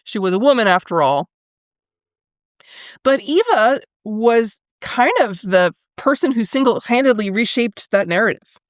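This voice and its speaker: A woman's voice: on the high side, expressive, no room sound. Woman, podcast host, reflective history commentary, casual fillers, dry close sound. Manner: thoughtful, conversational, with fillers and pauses.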